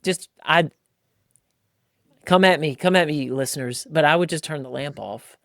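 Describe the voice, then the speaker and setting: A man's voice: a little high, normal speed, gravelly, dry recording, clean studio sound. A man in his thirties hosting a casual podcast chat, telling stories with lots of acted-out quotes and casual slang. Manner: animated storytelling, acting out quotes, frequent "like" and "bro". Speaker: podcast host.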